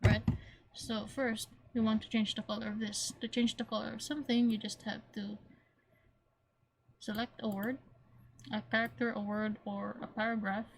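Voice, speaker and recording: Flat-voiced woman teaching a software lesson. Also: on the high side, moderate pace, a little hiss or hum. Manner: plain, step-by-step, repeats points, frequent throat clearing. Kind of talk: screen-recorded software tutorial.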